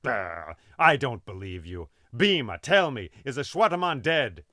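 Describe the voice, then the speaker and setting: A man's voice: medium pitch, very animated, unhurried, bright, forceful tone, no echo, studio quality. A man voicing a proud old male warrior teacher who speaks in a demanding, scornful way.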